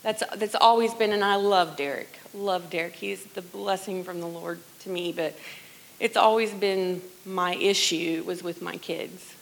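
A middle-aged woman sharing a personal testimony in church, earnest and conversational, often dropping to a hushed voice. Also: fairly low pitch, fairly even intonation, measured pace, creaky, rough recording. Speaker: worship leader sharing testimony.

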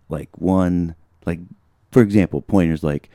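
A man's voice: low-pitched, moderate pace, dark tone, no room sound, studio quality. A young American man co-hosting a tennis podcast, leading a segment in a rambling, opinionated way. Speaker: podcast co-host. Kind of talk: casual sports chat.

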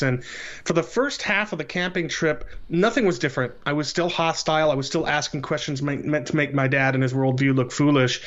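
A man in his late thirties, a podcast guest, telling his life story in a casual interview in an earnest, measured way. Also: a little high, a bit bright. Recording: slightly dull lo-fi audio.

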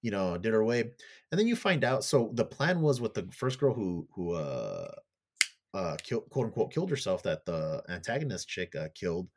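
A man's voice: on the low side, sing-song, normal speed, a little mellow. A man on a casual podcast, animatedly retelling a TV plot in a rambling way, full of fillers and casual swearing. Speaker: podcast co-host.

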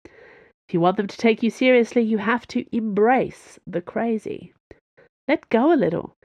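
A woman's voice: on the high side, a little slow, a little mellow, no echo, highs cut off, pitched above the performer's own voice. A woman voicing a blunt, swearing mother who was once a reckless pilot.

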